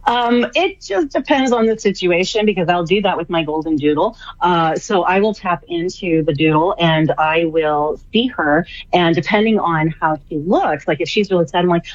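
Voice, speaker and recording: A woman's voice: on the low side, no room sound, lo-fi sound. A woman guest on a radio talk show, speaking casually and enthusiastically, repeating phrases for emphasis. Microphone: remote line, traveling.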